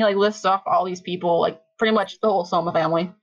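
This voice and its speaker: Animated woman retelling anime scenes. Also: mid-range voice, moderate pace, lo-fi sound. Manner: animated retelling, acting out character lines. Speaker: podcast co-host. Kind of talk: casual recap chat.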